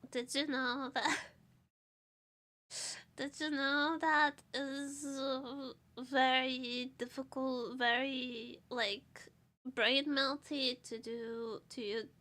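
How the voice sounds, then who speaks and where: Bright high-voiced Portuguese woman streamer. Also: steady tone, slow. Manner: playful, rambling, giggly. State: stressed and tired. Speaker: vtuber streamer. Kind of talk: casual stream chat.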